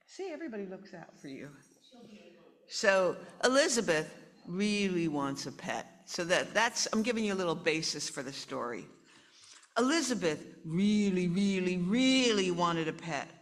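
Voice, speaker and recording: A woman reading a picture book aloud to children, animated and chatty. She breaks off between pages to talk with the kids and explain the story. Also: lowish voice, moderate pace.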